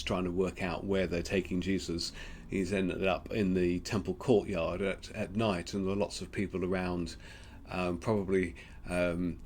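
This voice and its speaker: A man with an Australian accent giving a gentle, reflective Lenten devotional, pausing often with ums. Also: low voice. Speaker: preacher.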